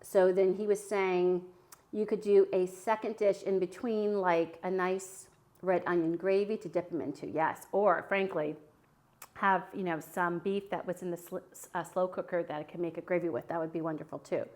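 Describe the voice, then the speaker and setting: A woman's voice: on the low side, steady tone, moderate pace, a little mellow. A woman who hosts a casual live cooking demo in her home kitchen, chatting with viewers and answering their comments while she cooks. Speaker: cooking livestream host.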